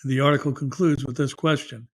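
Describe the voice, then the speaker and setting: A man's voice: medium pitch, fairly even intonation, brisk. A middle-aged man, a pastor hosting a news commentary show, who reads articles aloud with fillers and asides.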